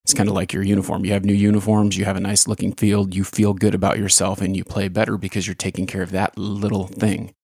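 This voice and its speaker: A man's voice: sits low, monotone, fast talker, gravelly, few pauses, a little mellow, slightly rough, no room sound, clean studio sound. A man who used to coach baseball, hosting a short podcast episode and reflecting in a plain, conversational way. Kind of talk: casual spoken podcast with read-aloud story.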